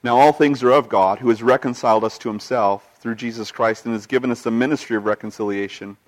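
An earnest male pastor delivering a sermon at a mid-range pitch. He reads scripture aloud and tells stories from his own life. His delivery swings between emphatic passages and quiet, hushed ones. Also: fairly even intonation, fast talker. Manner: quotes scripture and retells personal stories.

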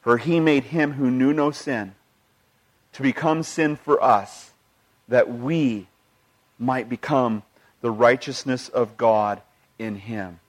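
An earnest male pastor delivering a sermon at a mid-range pitch. He reads scripture aloud and tells stories from his own life. His delivery swings between emphatic passages and quiet, hushed ones. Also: takes it slowly, long pauses. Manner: quotes scripture and retells personal stories.

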